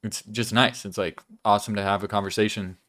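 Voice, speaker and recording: A man's voice: on the low side, fairly even intonation, fairly quick, fairly bright tone. A young man hosting a casual weekly vlog, chatting loosely about his life while chewing gum and swearing now and then. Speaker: vlog host.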